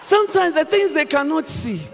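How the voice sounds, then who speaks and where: A woman pastor preaching a sermon at a church service, animated and humorous, often exclaiming to the congregation. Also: sits high, moderate pace, gravelly, soft background music. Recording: long church hall reverb.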